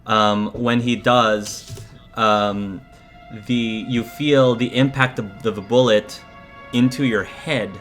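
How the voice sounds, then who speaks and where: A man narrating a horror scene as game master, slow and hesitant, with frequent fillers. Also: medium pitch, steady tone, fairly bright tone, soft background music.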